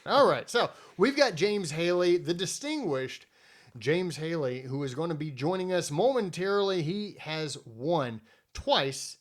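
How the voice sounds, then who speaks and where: Brief: male podcast host, slightly high voice, loose and jokey. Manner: joking, rambling, self-mocking. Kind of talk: casual podcast chat.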